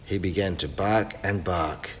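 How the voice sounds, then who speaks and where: Man reading a kids' storybook, low voice, slow and lively. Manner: clear, expressive read-aloud pacing.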